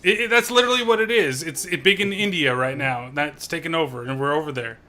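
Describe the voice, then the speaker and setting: Male podcast cohost, higher bright voice, crude teasing banter. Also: fast. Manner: laughs often, teasing, swears. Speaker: podcast co-host. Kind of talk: crude casual chat.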